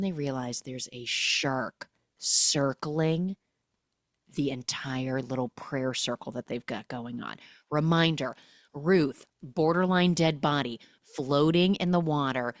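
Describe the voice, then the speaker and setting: A woman's voice: extremely low pitch, measured pace, no room sound, clean studio sound. A woman hosting a podcast who recaps a film in a chatty, sarcastic way and fills her talk with "like". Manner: chatty, sarcastic, heavy use of "like". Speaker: podcast host.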